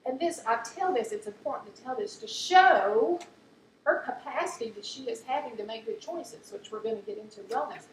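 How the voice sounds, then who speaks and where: A woman giving an earnest, faith-based talk to a group, telling stories warmly. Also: fairly high pitch, lively intonation, moderate pace. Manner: warm storytelling, earnest, laughs at funny stories. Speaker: speaker at a talk on chronic illness. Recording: echoey room, mic at a distance, faint background noise.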